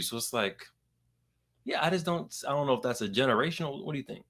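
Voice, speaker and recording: A man's voice: medium pitch, moderate pace, pushed and bright. A young adult man hosting a podcast in casual chat, telling stories animatedly and acting out the people he quotes. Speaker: podcast host.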